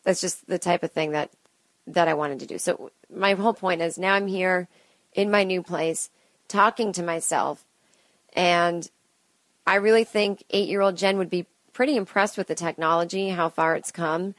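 A woman's voice: fairly low pitch, fairly even intonation, normal speed, no room sound. A woman in her late thirties hosting a solo podcast, rambling and self-deprecating with chatty asides, talking alone at home into a close mic. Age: late 30s. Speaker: podcast host and comedian. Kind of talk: solo stream-of-consciousness podcast. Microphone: close studio mic.

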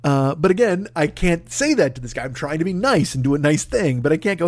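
Man, comic storyteller, rather high voice, very dry close sound, swears a lot. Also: brisk, no echo. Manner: profane, animated, acts out other people's voices. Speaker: comedy podcast host.

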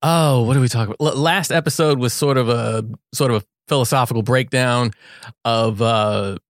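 A man appearing as a podcast guest, talking in a laid-back way with frequent pauses and uhs. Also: mid-range voice, no room sound, clean studio sound. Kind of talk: relaxed casual chat.

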